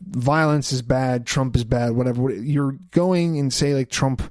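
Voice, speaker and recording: A man's voice: mid-range voice, steady tone, a little slow, darkish tone, no room sound. Rambling man, dry close mic. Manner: rambling, full of fillers and restarts. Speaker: podcast host. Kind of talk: casual solo podcast monologue.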